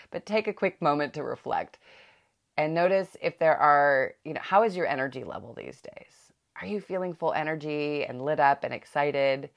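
A woman's voice: low-pitched, fairly bright tone. A middle-aged woman hosting a parenting podcast, talking in a chatty, reflective way with frequent laughs and restarts. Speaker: podcast host.

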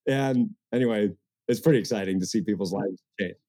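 Animated coach, mellow male voice. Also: lowish voice, a little fast. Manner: energetic, gets worked up, mocking asides. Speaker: guest, coach. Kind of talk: animated interview talk.

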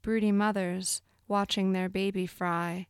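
A woman reading a literary short story aloud in a measured, brooding way. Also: mid-range voice, level tone, clean tone, no echo, studio quality. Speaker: narrator. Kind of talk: scripted literary narration.

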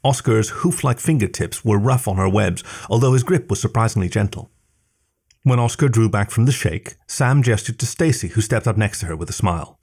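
A man reading a story aloud in slow, even narration. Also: on the low side, gravelly, husky. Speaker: story reader. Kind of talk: scripted narration.

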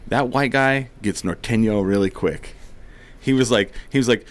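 A man's voice: medium pitch, normal speed. A man chatting casually, telling a rowdy story with plenty of swearing and laughter, acting out what people said. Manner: swears freely, laughs often, acts out quotes.

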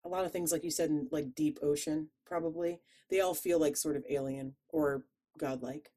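A woman's voice: low voice, fairly even intonation, moderate pace, mellow. A woman with a Chicago accent co-hosting a podcast, chatting in a playful, rambling way and laughing easily. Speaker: podcast co-host. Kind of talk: casual chat.

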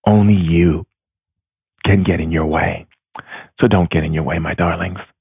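A man's voice: low-pitched, fairly even intonation, unhurried, vocal fry, darkish tone, breathy edge, no echo, clean studio sound. A man giving a rambling, effusive spiritual monologue to his followers. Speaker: spiritual teacher.

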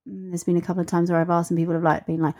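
Guest, female, lowish pitch, animated anecdotes acted out with voices. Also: very fast. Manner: animated storyteller, acts out quotes. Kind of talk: casual conversation.

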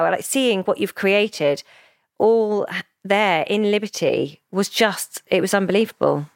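A woman, a founder telling her story in a casual interview, animated and emotional, acting out what others said. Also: mid-range voice, no echo, studio quality. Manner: animated, emotional storyteller who acts out quoted speech. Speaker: founder of a children's brand, podcast guest.

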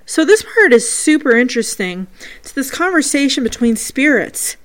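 A woman's voice: high voice, big pitch swings, moderate pace. A woman hosting a paranormal show, earnestly reading out a listener's ghost recording and breaking down each sound step by step.

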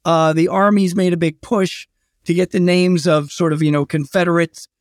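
A man's voice: high-pitched, steady tone, normal speed, no room sound, clean studio sound. Chatty male historian telling stories. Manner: anecdotal, chatty with fillers and restarts. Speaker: historian and guest. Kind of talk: casual storytelling interview.

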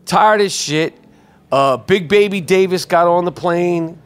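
A man with a high-pitched voice tells a story on his podcast. He is loose and animated and curses freely. He stumbles through fillers and restarts as he talks. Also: a little slow. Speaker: podcast host.

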